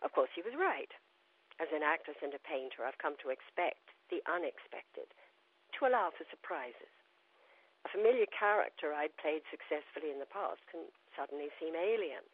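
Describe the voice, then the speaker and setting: A woman's voice: low-pitched, expressive, breathy edge. Woman reading a letter over a phone line. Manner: reflective, measured reading. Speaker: guest correspondent. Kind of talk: reading a personal audio letter. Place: at home in upstate New York. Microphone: telephone.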